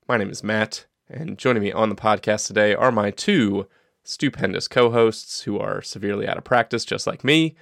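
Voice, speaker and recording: Podcast host, man, gravelly low voice, dry sound, self-deprecating jokes. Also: moderate pace, fairly bright tone, dry recording. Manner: jokey, rambling, self-deprecating. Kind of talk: casual podcast chat.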